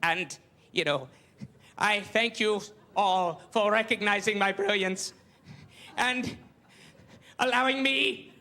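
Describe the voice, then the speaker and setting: A man's voice: sits high, slow, long pauses, sharp tone, heavily acted. A comedian playing a pompous, self-adoring older male TV interviewer who gives a tearful, flowery acceptance speech on stage. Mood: pompous, weepy. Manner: grandiose, flowery, over-emotive speech. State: tearful, breaking down.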